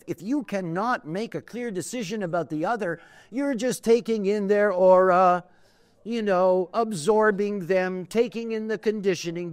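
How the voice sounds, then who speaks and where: A man's voice: high-pitched, dry recording. A man giving a conversational lecture, wandering into stories with many fillers and asides. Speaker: teacher of a spiritual system. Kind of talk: lecture with storytelling.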